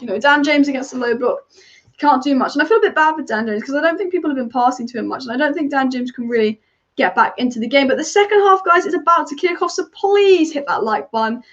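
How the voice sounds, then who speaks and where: Her voice is high-pitched and the recording sounds muffled. She's a football fan channel host running a live watch-along, talking fast, giving her opinions on the match, and working through viewer comments.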